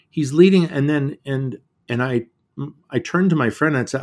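A middle-aged man, an author and guest in a reflective conversation, speaking earnestly and often halting and repeating words. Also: fairly high pitch, animated, darkish tone.

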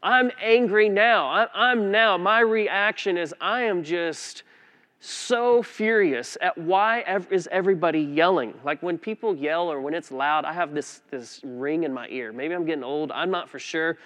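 Man, pastor, sermon, slightly high voice, animated storytelling. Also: unhurried. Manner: conversational, animated storytelling with restarts.

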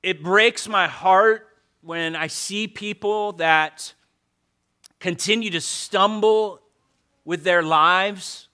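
A man's voice: high-pitched, slow, sharp tone, smooth. A male pastor preaching a sermon in a conversational way, repeating phrases for emphasis.

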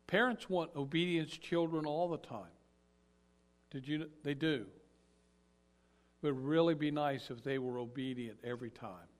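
A man preaching a sermon as an animated storyteller who acts out the characters as he goes. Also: a little high, moderate pace, long pauses.

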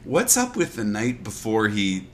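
Low-voiced man discussing a film. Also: wildly swooping pitch, a little slow, a little hiss or hum. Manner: earnest, poses questions. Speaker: podcast co-host. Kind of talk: casual movie discussion.

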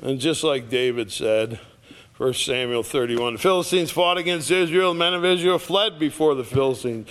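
Animated male preacher retelling scripture. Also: fairly high pitch, smooth. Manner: animated storytelling, acting out the characters. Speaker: pastor. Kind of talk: sermon, reading scripture and retelling it.

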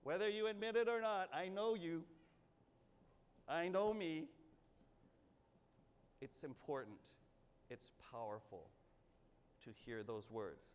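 A man's voice: a little high, lively intonation, slow, long pauses, clean tone. A male pastor giving a sermon in a church, earnest and repeating his phrases, with coaxing asides to the congregation. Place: church sanctuary. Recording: reverberant church hall, faint ambience.

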